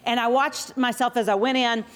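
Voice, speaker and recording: Expressive woman telling a story onstage. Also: on the high side, normal speed, clear, resonant tone. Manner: expressive, self-deprecating storyteller. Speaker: pastor's wife, co-speaker. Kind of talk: sermon storytelling.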